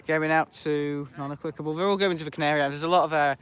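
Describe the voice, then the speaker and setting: A man's voice: on the high side, steady tone, very fast, a bit bright, clean tone. A man giving rambling, chatty live commentary while planespotting outdoors beside an airport, often correcting himself. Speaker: planespotting livestreamer.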